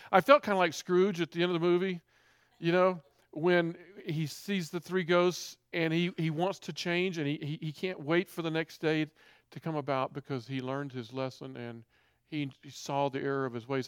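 A man's voice: on the high side, fairly even intonation, brisk, clean tone, no room sound, studio quality. A middle-aged man telling a personal testimony in an earnest, confessional, conversational way. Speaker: speaker giving a personal testimony.

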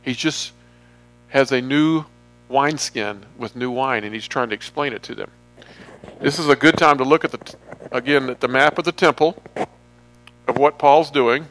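A man's voice: mid-range voice, moderate pace, fairly bright tone, a little hiss or hum. A man giving a casual sermon from slides, chatty and joking, drifting off topic now and then. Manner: chatty, jokey, wanders off topic. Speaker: pastor.

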